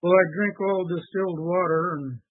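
High-voiced man on a dry phone line. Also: steady tone, normal speed, no echo. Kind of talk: casual call-in chat. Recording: tinny phone-line audio.

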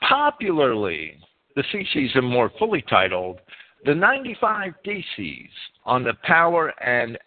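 A man reads a history lesson with a lively voice that swoops high and low on words he stresses. He trips over a word now and then and corrects himself. The sound is thin and tinny, like a phone line. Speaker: history series presenter. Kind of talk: read narration of a history lesson.

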